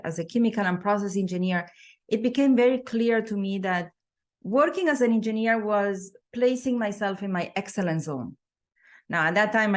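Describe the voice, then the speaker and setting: A middle-aged woman sharing her personal story as a podcast guest, thoughtful, with frequent fillers and restarts. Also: medium pitch.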